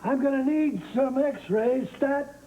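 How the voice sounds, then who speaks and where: An actor playing a brisk, commanding small-town doctor in a soap opera. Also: male voice, very high-pitched, mellow, lo-fi sound, slight background noise. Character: brisk male country doctor.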